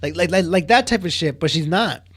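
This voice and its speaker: A man's voice: a little high, expressive, fairly quick, fairly bright tone. A young man co-hosting a podcast, reviewing a film in casual chat, rambling with lots of filler words and getting heated. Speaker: podcast co-host.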